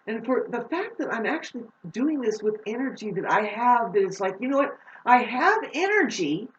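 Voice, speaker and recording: A woman vlogger rants about astrology in a profane, heated monologue. She jumps from loud outbursts to low, slow explaining. She sounds distant from the mic, with a roomy echo and dull, muffled audio.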